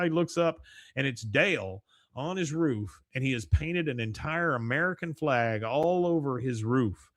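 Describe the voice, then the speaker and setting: Animated man recapping a cartoon episode. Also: medium pitch, normal speed, no echo, clean studio sound. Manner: retells scenes with animated voices for characters. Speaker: podcast host.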